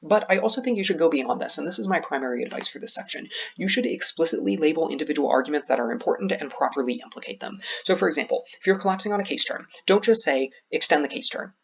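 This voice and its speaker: A young man coaching debate in a fast instructional lecture, slowing down on key words to stress them. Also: a little high, expressive, gravelly, slightly rough, muffled recording.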